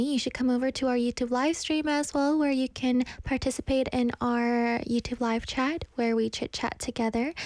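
A woman's voice: sits high, a little mellow, dry recording. Breezy young woman DJ, slightly breathless. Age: 20s. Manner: chatty, self-deprecating, reads viewer comments aloud. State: a little out of breath. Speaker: radio DJ. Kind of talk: casual live radio chat.

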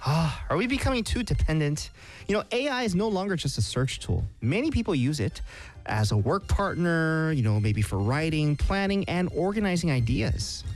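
A man's voice: fairly high pitch, moderate pace, soft background music. A man co-hosting a radio show, chatting playfully and slipping Korean words into his English. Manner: playful, animated, mixes in Korean. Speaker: radio co-host. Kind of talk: casual bilingual radio banter.

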